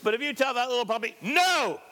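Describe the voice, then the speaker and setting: Pastor, male, high voice with a bright edge, drives points home by repeating them, cracks jokes along the way. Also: lively intonation, moderate pace. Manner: emphatic, repetitive preaching with joking asides. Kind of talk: sermon.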